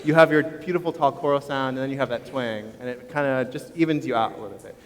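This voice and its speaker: A man's voice: mid-range voice, quick pace, slight background noise. Man, choir director, casual teacherly explanations, concert stage, long hall reverb. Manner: casual, relaxed teacherly talk with fillers. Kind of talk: explaining choir exercises to an audience.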